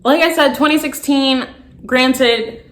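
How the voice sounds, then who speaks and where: A young woman vlogger, telling a storytime in an animated, exasperated way. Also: sits high, takes it slowly. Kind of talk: storytime vlog.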